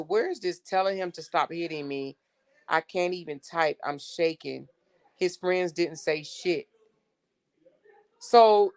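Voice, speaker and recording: A woman hosting a casual livestream, reading text messages aloud to her viewers in an exasperated, blunt way and swearing freely. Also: on the low side. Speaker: livestream host.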